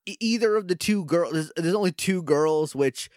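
A man's voice: on the high side, moderate pace, no echo, studio quality. A man co-hosting a podcast, recapping an episode in casual chat and acting out characters in funny voices. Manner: animated, does silly voices for characters. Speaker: podcast co-host.

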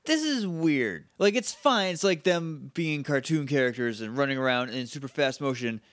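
Male co-host, bouncy, expressive pitch, dry close sound, wry and giggly. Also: normal speed, no echo. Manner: animated, laughs often, asks wry questions. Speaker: podcast co-host. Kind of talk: casual recap chat.

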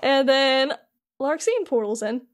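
A woman with a high voice co-hosts a casual podcast. She retells the story with animated energy and slips into the characters' lines as she talks. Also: measured pace. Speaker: podcast co-host. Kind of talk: casual chat recapping a game.

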